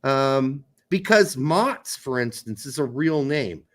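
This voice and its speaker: A man's voice: medium pitch, lively intonation, slow pace, fairly bright tone. A man co-hosting a casual sports podcast, blunt, opinionated and joking, with frequent swearing. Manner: blunt, profane, opinionated, jokey. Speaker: podcast co-host.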